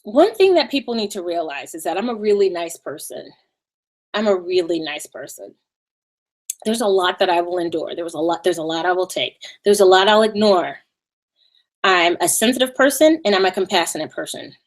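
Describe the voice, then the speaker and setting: A woman's voice: lowish voice, expressive, normal speed. A woman hosting a live stream in a casual, sassy way, with a Valley Girl voice and mocking asides.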